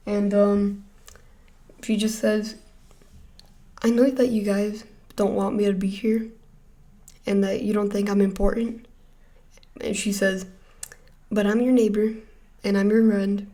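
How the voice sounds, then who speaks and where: A man's voice: high voice, darkish tone. A teenage boy telling a rambling, hesitant storytime to his vlog audience. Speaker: vlogger.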